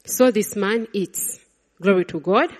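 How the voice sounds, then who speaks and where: A woman preaching a sermon, swinging between loud exclamations and hushed, quiet lines. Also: medium pitch, a little slow. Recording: long reverb of a large hall.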